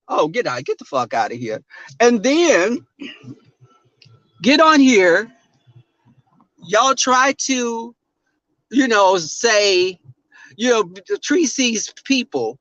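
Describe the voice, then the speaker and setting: A very high-pitched Texan with a Southern drawl rants slowly on his livestream, leaving long pauses between big pitch swings. Outdoors in the cold, he's brash, profane, and sassy, and his slightly bright voice comes through with no echo on a dull, dry recording.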